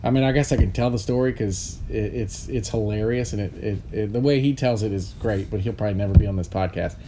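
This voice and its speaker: A man's voice: on the low side, quick pace, mellow, slight background noise. A middle-aged man, hosting a podcast and telling rambling stories between bursts of laughter. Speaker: podcast host. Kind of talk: casual chat, storytelling.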